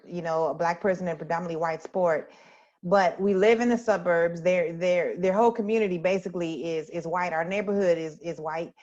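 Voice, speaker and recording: A woman's voice: lowish voice, darkish tone, highs cut off. A woman speaking as a parent at a town hall discussion, earnest and questioning.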